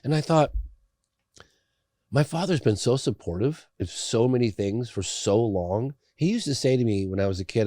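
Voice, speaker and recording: A man's voice: mid-range voice, expressive, moderate pace, warm tone, no room sound. A middle-aged man from England, a documentary filmmaker telling his story in a casual interview, acting out the people he quotes. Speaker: documentary filmmaker, podcast guest.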